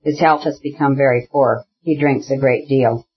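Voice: mid-range voice, fairly even intonation, moderate pace, breathy edge, lo-fi sound. A reader voicing a timid, worried woman. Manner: timid, quiet.

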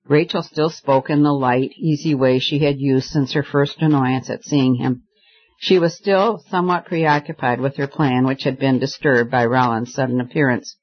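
An audiobook narrator reads a novel in a steady, even, mid-range voice at normal speed. This scripted narration comes through on a slightly dull, lo-fi recording.

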